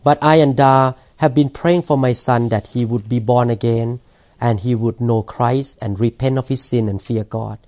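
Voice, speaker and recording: A man preaching as a pastor, earnest and halting, often restarting and repeating words. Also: mid-range voice, steady tone, a little mellow. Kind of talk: sermon.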